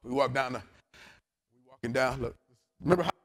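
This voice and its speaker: A male pastor, preaching a storytelling sermon to his congregation. He tells the story with lively character voices and laughter. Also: mid-range voice, brisk. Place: church service in a hotel venue. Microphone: handheld or lapel mic.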